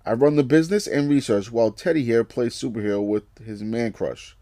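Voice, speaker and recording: A man voicing a businesslike adult woman executive from a comic, with a crisp and skeptical delivery. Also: medium pitch, fairly quick, dark tone, dry recording, clean studio sound, lightly acted. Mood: dry.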